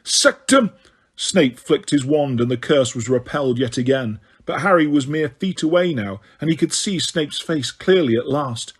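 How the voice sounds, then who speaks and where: A man narrating a fantasy novel as an audiobook, with steady storytelling and occasional stumbles. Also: medium pitch, normal speed, hardly any pauses, slightly rough.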